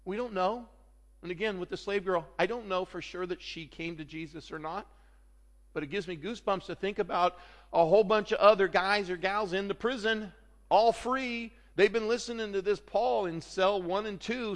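A man preaching in an animated way, his voice sitting a bit higher than most men's. He swings from loud, urgent outbursts to quiet, hushed asides. The sound rings with the long reverb of a church hall. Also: moderate pace. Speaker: pastor. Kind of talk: sermon.

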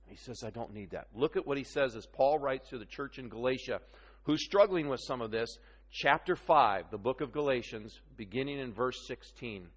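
A man's voice: mid-range voice, expressive, normal speed. Man preaching in a reverberant hall. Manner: conversational, teasing, checks in with "okay?". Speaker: pastor. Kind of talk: sermon.

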